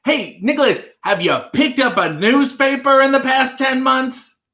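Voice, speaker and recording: A man's voice: very high-pitched, measured pace, pushed and bright. A man hosting a casual livestream, reading viewer comments aloud and answering with wry, joking asides. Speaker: livestream host.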